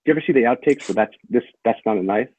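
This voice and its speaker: A man's voice: mid-range voice, very fast, a little mellow, breathy edge, no room sound. A man joining a casual chat as a guest, joking and swearing casually. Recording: tinny phone-like line, dry.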